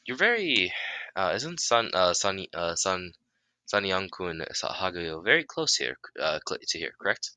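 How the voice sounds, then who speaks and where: A man voicing a polite, determined young male hero in an improvised fan story, with a halting delivery. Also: deep voice, big pitch swings, bright, forceful tone, clean tone, no room sound, exaggerated voice. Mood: earnest.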